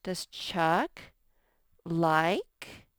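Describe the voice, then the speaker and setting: A middle-aged woman teaching a lesson to young children, reading example sentences in a slow, sing-song way. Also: lowish voice, lively intonation, a bit bright, clean tone, no echo.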